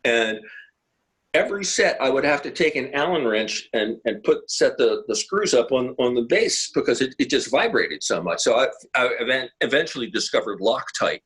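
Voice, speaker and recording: A man's voice: mid-range voice, expressive, moderate pace, a bit bright, breathy edge, poor audio. An older man, a guest musician, telling long rambling anecdotes in a casual interview. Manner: rambling, anecdotal, many restarts. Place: home, video call.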